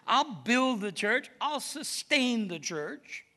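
A man's voice: very high-pitched, sing-song, slow, sharp tone. A male pastor preaching a sermon in an emphatic, conversational way.

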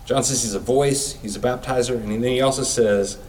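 A man's voice: mid-range voice, fairly even intonation, a little fast, darkish tone, far from the mic, a little hiss or hum, low-quality recording. A man giving a sermon in a casual, conversational way, using everyday comparisons. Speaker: preacher.

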